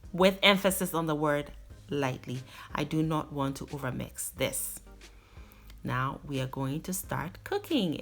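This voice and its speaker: A woman with a notably low-pitched voice walks viewers through a recipe step by step. She talks like a cooking channel host, leaning hard on key words as she explains. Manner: warm instructive, emphatic on key words.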